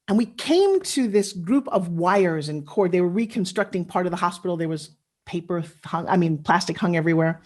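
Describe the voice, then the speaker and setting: A woman's voice: fairly low pitch, expressive, fairly quick, darkish tone. A middle-aged woman giving a motivational speech over a video call from her living room, moving between intimate storytelling and rallying the audience. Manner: earnest, intimate storytelling that builds to rallying cheers. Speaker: motivational speaker.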